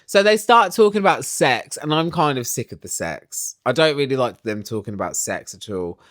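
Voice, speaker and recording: Lively gossipy speaker ranting about TV. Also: mid-range voice, moderate pace, no echo, clean studio sound. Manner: animated, gossipy, exaggerated. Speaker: reality TV recap vlogger. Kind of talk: casual gossipy rant.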